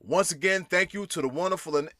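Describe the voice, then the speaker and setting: A man hosting a sports podcast, chatting casually and doing energetic, showman-like segment segues. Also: high voice, fast talker. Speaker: podcast host. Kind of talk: casual sports talk with announcer-style segues.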